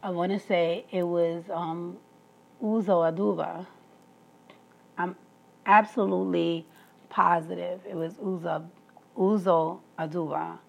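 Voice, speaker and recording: A woman's voice: fairly low pitch, steady tone, slow pace, creaky, pauses often, breathy edge. A woman talking through a personal story in an emphatic monologue, laughing between her points. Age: adult, past school age.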